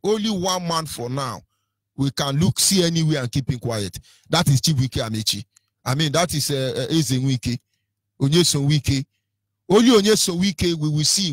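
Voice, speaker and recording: A man's voice: a little high, no echo. A Nigerian-accented man presenting on radio in a combative, taunting rant, hurling insults with sing-song lilts.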